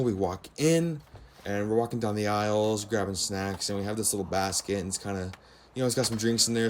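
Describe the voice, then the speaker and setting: A man's voice: on the low side, a little hiss or hum. Chatty teen guy telling a story. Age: teens. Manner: rambling, filler-heavy retelling with quoted dialogue. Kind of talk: casual storytime narration over gameplay.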